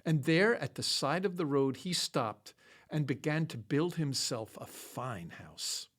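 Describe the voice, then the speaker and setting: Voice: medium pitch, expressive, measured pace. A storyteller reading a children's storybook aloud, acting out the action words with expression.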